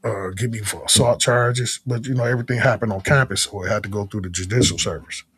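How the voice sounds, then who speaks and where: A man talking as a guest in a casual conversation, rambling in a relaxed way and often asking "you know what I'm saying". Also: on the low side, fast talker, a little hiss or hum.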